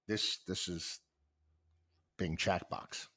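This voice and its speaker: A male host talks through material in a loose, halting way, trailing off and restarting often. His voice is bright and forward, at an ordinary pitch for a man. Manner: halting, with many fillers and restarts. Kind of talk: casual commentary.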